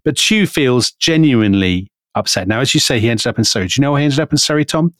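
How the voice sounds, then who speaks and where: A British man co-hosting a podcast, telling a history story in an animated way. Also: mid-range voice, fast talker, dry recording. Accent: British English. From Britain. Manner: animated, storytelling, quotes figures with emphasis. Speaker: podcast co-host.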